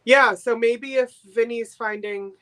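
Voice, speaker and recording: Guest-selling on a live-stream sale, a woman from Boston, USA, chats eagerly and casually, giggling quickly now and then. Her voice is a little high and sharp-toned, with fairly even intonation.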